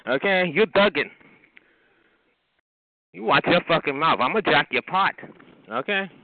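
A man's voice: lively intonation, measured pace, dry recording. A man, ranting at someone on a phone chat line, cursing, taunting and repeatedly asking "okay?". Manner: pitch jumps up sharply when yelling. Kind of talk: heated phone rant. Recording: tinny phone line with hiss.

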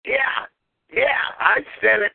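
A man's voice: slow pace, slight background noise. A man hosting a call-in talk show, ranting in an irate, repetitive way and trailing off mid-insult. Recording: tinny phone line.

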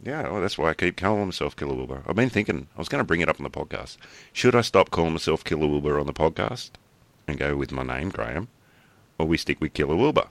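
An Australian man with an extremely low, deep voice co-hosts a podcast in loose, casual chat. He rambles from one thought to the next, swears easily and keeps laughing along the way. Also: animated, quick pace, a bit bright, no echo. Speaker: podcast co-host.

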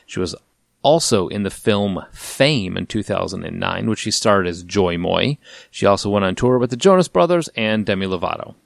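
Chill lower-voiced podcast guy running the segments, dry mic. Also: animated, normal speed, vocal fry, dry recording. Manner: laid-back, moves the segments along. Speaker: podcast co-host. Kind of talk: casual chat.

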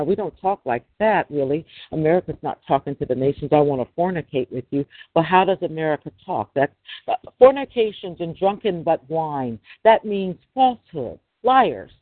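A man's voice: fairly high pitch, no room sound. A middle-aged man, a podcast host, giving a preachy religious monologue full of rhetorical questions. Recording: dry, tinny phone-line sound.

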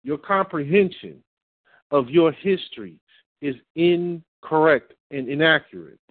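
An emphatic male preacher lectures with insistent repetition, slowing down to stress each phrase. The audio is dry and tinny, as if heard over a phone line. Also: a little high, animated, dry recording. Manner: emphatic, repeats and reads slowly for stress.

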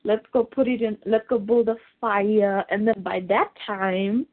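A woman chatting casually as a podcast co-host, excitable and gushing. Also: mid-range voice, measured pace. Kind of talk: casual chat. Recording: tinny phone-like line.

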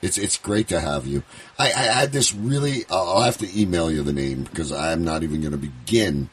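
A man from Canada hosting a live radio chat, rambling excitedly with stammered restarts. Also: low-pitched, moderate pace, husky. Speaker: radio show host.

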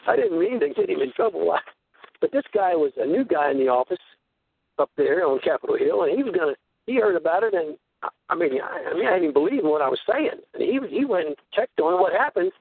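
A man's voice: on the high side, lively intonation, fairly quick, gravelly, slightly rough. An older man hosting a radio show, telling long rambling stories and acting out the voices of the people in them. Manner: rambling storyteller, acts out voices in quotes. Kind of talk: conspiracy talk radio monologue. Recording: tinny phone-line radio sound.

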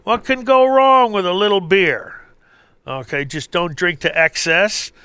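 A middle-aged man hosting a health call-in radio show, talking in an animated, jokey way. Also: high voice, unhurried, clear, resonant tone, no room sound. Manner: animated, jokey, acts out voices. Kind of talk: health talk radio monologue.

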